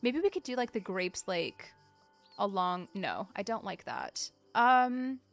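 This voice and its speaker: A woman's voice: mid-range voice, sing-song, takes it slowly, creaky, no room sound, faint music behind. A woman chatting casually to her viewers while she plays through a cozy farming game on a live stream. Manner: chatty and upbeat, addressing the chat. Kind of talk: casual live gameplay commentary.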